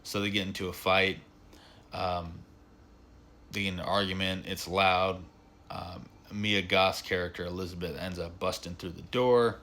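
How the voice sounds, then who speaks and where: Deep-voiced man rambling through a film review. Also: steady tone, normal speed, bright, forceful tone. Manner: rambling, filler-heavy retelling with frequent "like" and "um". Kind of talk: casual spoken film review.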